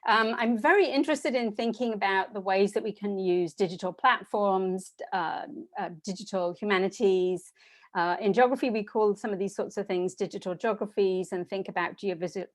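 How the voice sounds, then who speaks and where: A woman researcher giving a conference talk over a video call, in a conversational, lightly joking way. Her voice sits at a middle pitch. The sound is dry and close. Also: no room sound. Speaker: geography researcher and panelist. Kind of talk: academic presentation. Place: home office on a video call. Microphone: computer mic on a video call.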